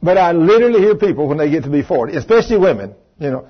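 A man preaching a folksy, emphatic sermon, his voice a touch high and husky. The sound is dull and lo-fi, like an old recording. He drops plain conversational asides between his points. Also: big pitch swings, racing.

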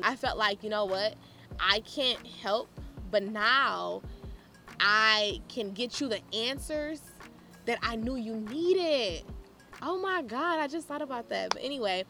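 A woman podcast host telling stories in a casual, animated way, laughing and acting out conversations. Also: on the high side, measured pace, soft background music. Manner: animated, laughing, acts out quoted exchanges. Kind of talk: casual storytelling monologue.

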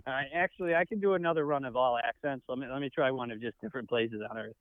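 A man's voice: mid-range voice, racing, no room sound. A man co-hosting a casual comedy podcast, giggly and playful. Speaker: podcast co-host. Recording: tinny phone-line sound.

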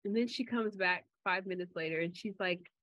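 A woman co-hosting a podcast in casual chat, telling stories in a chatty way and getting animated when she quotes people. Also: lowish voice, normal speed, no room sound. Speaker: podcast co-host. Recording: slightly dull lo-fi audio.

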